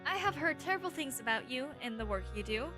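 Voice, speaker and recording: A woman voicing a tall, mysterious and powerful witch in a visual novel, speaking in a calm, measured and politely unsettling way. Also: high-pitched, over music.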